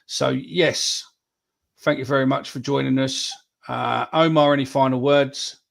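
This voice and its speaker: A man's voice: medium pitch, fairly even intonation, unhurried, creaky, fairly bright tone. A man, hosting a casual live podcast chat, swearing freely as he reads out viewer predictions. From England. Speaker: podcast host.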